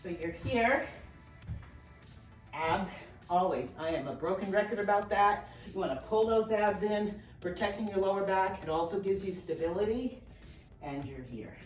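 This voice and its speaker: A middle-aged woman with a medium-pitched voice talks at normal speed as she works out with dumbbells, slightly out of breath. As an instructor, she encourages, counts reps, and gives form cues. Faint music plays, and the sound is roomy and distant.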